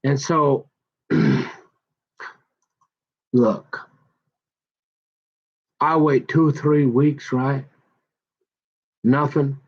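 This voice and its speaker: A man's voice: medium pitch, steady tone, extremely slow, long pauses, slightly rough. A man telling a long rambling story in a slangy, digressive way, acting out the voices of the people in it. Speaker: show host. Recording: dull lo-fi audio.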